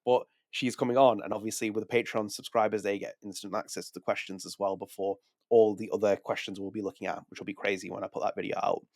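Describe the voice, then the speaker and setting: A man's voice: lowish voice, little pitch movement, quick pace, hardly any pauses, darkish tone, no echo, clean studio sound. A man hosting a podcast, talking casually, correcting himself and reading press text aloud. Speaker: podcast host.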